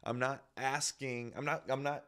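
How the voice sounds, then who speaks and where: A man's voice: mid-range voice, little pitch movement, normal speed, a bit bright, smooth. A reflective man talking casually about his own prayer life. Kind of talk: casual faith discussion.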